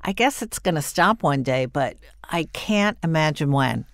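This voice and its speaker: Older woman, podcast host, chatty and effusive, lowish voice, dry close mic. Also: measured pace, no echo. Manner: chatty, animated and warmly effusive. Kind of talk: solo podcast monologue.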